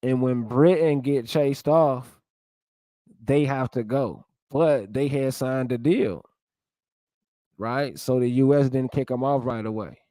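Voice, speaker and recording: A man's voice: medium pitch, mellow, dry recording. A man giving casual, blunt commentary while reading a text aloud, with an opinionated tone and the odd swear word. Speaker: vlogger.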